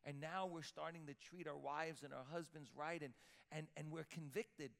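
A man's voice: fairly high pitch, steady tone, moderate pace, vocal fry, a bit bright. A man preaching a sermon as pastor, emphatic, repeating words as he builds up. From Sicilian-Italian heritage. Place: church sanctuary with long reverb. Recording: reverberant church hall.

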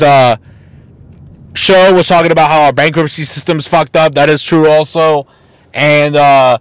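A man's voice: on the high side, dry recording. Blunt, swearing man ranting on a podcast. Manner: mocking and exasperated. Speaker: podcast host. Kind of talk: casual solo podcast rant.

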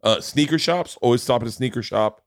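A male podcast host who rambles along in loose chat. He jokes and swears freely, his voice sitting at an ordinary middle pitch. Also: a little fast. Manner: rambling, joking, profane.

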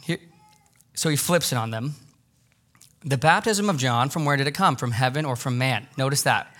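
A man pastor preaching a sermon, animated, acting out quoted voices and repeating for emphasis. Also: medium pitch, normal speed.

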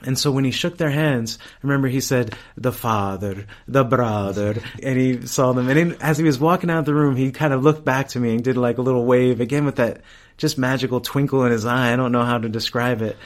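A middle-aged man, a priest, telling a personal story in a casual interview, animated and laughing often. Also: mid-range voice, quick pace. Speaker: priest and campus chaplain, guest.

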